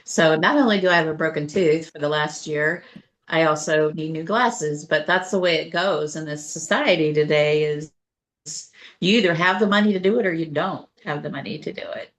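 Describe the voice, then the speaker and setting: A woman with a notably low voice speaks up in a group discussion over a video call. She talks bluntly and plainly, without softening her words. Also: normal speed. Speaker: workshop participant. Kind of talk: casual sharing in a group.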